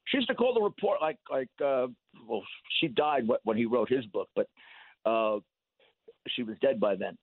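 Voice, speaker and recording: An older man, a guest in a casual radio interview, telling stories with animated repetition and laughs. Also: mid-range voice, normal speed, breathy edge, no echo. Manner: animated storytelling, repeats words, laughs. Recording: thin phone-line sound.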